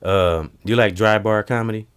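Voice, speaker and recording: A man hosting a casual chat, retelling comedians' jokes and breaking into high put-on voices for the punchlines. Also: normal speed, smooth. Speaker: host.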